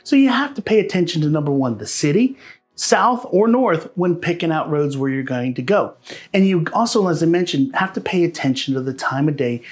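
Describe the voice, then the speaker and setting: A man's voice: a little high, animated, a little fast. A man from Pennsylvania, a realtor, giving friendly, chatty advice straight to camera in a casual vlog. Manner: friendly, chatty, addresses viewers as guys. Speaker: realtor and local vlogger.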